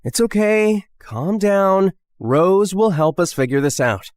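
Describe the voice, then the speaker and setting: A gentle young man , voiced by a woman dropping her voice low, speaks in a soothing, pleading way in an animated story. His tone swings widely. The recording is dry and close. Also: slow pace, no echo. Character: gentle young man trying to calm others.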